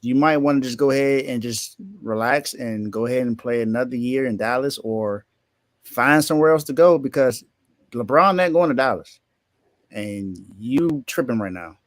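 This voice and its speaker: A man arguing a point on a casual sports podcast, insistent and incredulous. He repeats himself often, in a mid-pitched voice. The recording is dry. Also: steady tone, normal speed, no echo.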